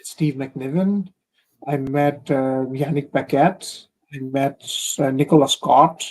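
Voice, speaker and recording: A man's voice: mid-range voice, steady tone, slow pace, darkish tone, poor audio. A young man from India, a comic artist, talking casually in an interview with many fillers and restarts over a remote stream call.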